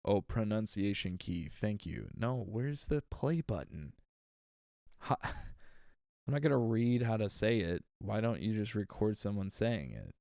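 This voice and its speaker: Guy reading an audiobook live, slow and gravelly, lots of retakes, lively pitch. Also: no room sound, clean studio sound. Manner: reads slowly with retakes, chats with exasperated asides. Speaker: audiobook narrator on a livestream. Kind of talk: casual livestream chat between reading takes.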